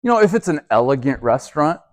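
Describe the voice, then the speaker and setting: A man's voice: fairly high pitch, big pitch swings, fast, no echo. A man teaching a youth group as their pastor. He talks in a conversational way, keeps asking "okay?" and often restarts and repeats his words.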